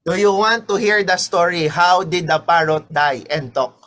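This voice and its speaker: A woman trainer telling a joke at a leaders training, animated and often repeating her words. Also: lowish voice, moderate pace, few pauses.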